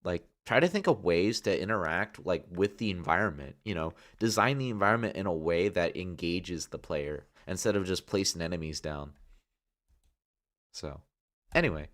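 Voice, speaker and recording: A man's voice: deep voice, expressive, moderate pace, fairly bright tone. Laid-back young male streamer. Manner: laid-back and rambling, lots of filler words. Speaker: streamer reviewing community game levels. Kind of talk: casual livestream commentary.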